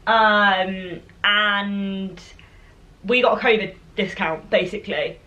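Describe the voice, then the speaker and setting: A woman's voice: mid-range voice, slow pace, pushed and bright, lo-fi sound. A young woman in her twenties, chatting casually and giggling on a sit-down vlog. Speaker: vlogger. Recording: faint background noise.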